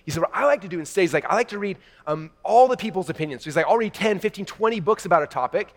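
A man in his thirties giving an energetic keynote to a large live audience, telling stories excitedly and talking to the crowd as "you guys". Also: sits high, racing, big-room sound. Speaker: keynote speaker. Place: large event hall before a live audience.

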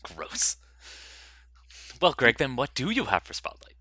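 A man co-hosting a film podcast, joking with dry, quick asides. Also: medium pitch, sing-song, pushed and bright, dry recording. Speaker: podcast co-host. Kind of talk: casual film chat.

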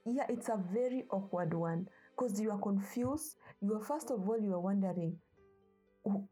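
A woman's voice: mid-range voice, animated, normal speed, dark tone, slightly rough, soft background music, rough recording. A young woman from Africa speaking earnestly and passionately about her views, pleading with parents. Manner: impassioned, pleading. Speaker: speaker sharing personal views. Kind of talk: earnest personal talk.

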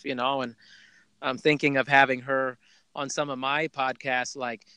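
Guy hosting a podcast, bright clear voice, dry close mic, chatty and heartfelt. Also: medium pitch, level tone, normal speed, dry recording. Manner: warm storytelling, heartfelt, rambling with restarts. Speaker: podcast host. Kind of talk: casual conversational interview.

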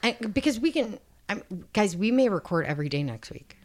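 A woman's voice: medium pitch, very animated, brisk. A woman co-hosting a podcast in casual chat, talking freely, laughing often and swearing. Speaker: podcast co-host.

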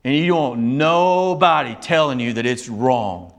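A male pastor preaching a sermon, swinging between loud, raised passages and hushed, low ones. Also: measured pace, gravelly.

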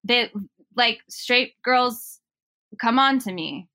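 Bright-voiced chatty woman. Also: a little high, animated, slow pace. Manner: rambling, self-interrupting, laughs often. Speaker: podcast guest. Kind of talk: casual conversation.

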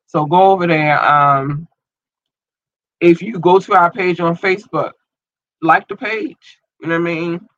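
A man hosting a podcast and online radio show, rambling casually and slangily through listener shout-outs while his eye is irritated and tearing up. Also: a little high, fairly even intonation, measured pace, pauses often, dry recording, highs cut off. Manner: loose, rambling, slangy, repeats himself.

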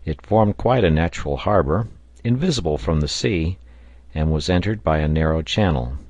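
Male audiobook narrator, steady reading, low voice, dry close recording. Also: moderate pace, husky, dry recording, dull audio. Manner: steady, even-paced reading.

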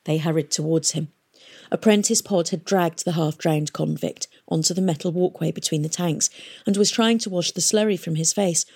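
A woman reading a novel aloud in a steady, measured storytelling manner. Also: on the low side, vocal fry, slightly rough. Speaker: audiobook reader. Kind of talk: audiobook narration.

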